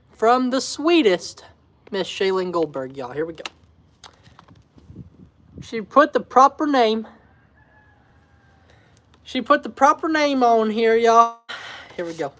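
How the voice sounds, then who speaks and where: A man's voice: extremely high pitch, big pitch swings, slow pace, pauses often, a bit bright. A man chatting casually on a home livestream, rambling and laughing often as he talks to his viewers. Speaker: homestead vlogger. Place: indoors at home.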